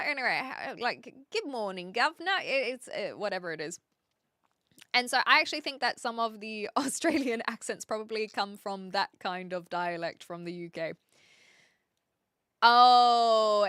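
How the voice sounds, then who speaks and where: A woman's voice: medium pitch, moderate pace, a bit bright, clear, resonant tone, dry recording, studio quality. A woman from New Zealand with a New Zealand accent, chatting casually on her stream and reading out viewer comments, explaining things with lots of fillers. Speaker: livestream host.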